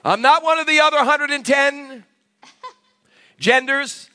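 A male pastor in a church sanctuary delivers an emphatic sermon, drawing amens from his congregation. He speaks a little slowly in a very high voice that sounds pushed and bright.

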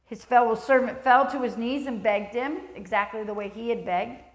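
A woman preaching in an earnest, emphatic way, reading scripture and putting questions to the congregation. Her voice sits fairly high, and the church sanctuary gives it a roomy echo. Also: moderate pace. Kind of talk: sermon.

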